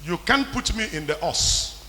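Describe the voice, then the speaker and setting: A man preaching a sermon as pastor, in impassioned call-and-response that builds to shouting. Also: high-pitched, animated, a little slow, slight background noise. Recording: long hall reverb.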